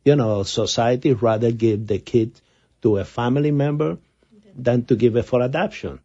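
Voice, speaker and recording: A man's voice: medium pitch, moderate pace, mellow. A middle-aged man, a physician co-hosting a radio show, telling stories in casual chat and acting out the quotes. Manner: storytelling, repeats words, acts out quotes. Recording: dull lo-fi radio broadcast.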